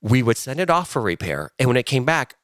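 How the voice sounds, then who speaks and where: A man's voice: mid-range voice, a little fast, no room sound, clean studio sound. A middle-aged man, a guest on a podcast, telling a story in casual chat and acting out the quoted lines. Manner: animated storyteller, acts out quotes. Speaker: guest, watch retail worker.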